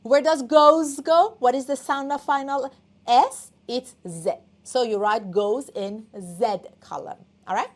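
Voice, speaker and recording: A woman teaches an exam-prep English class in a high, bright-toned voice. She talks at an unhurried pace. She is emphatic and repeats each word aloud as she drills it.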